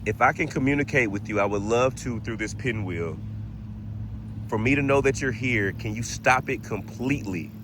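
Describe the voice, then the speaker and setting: Speaking at a moderate pace in a mid-range voice, a man vlogs about the paranormal from a cemetery, with background noise around him. His talk is relaxed and full of laughter.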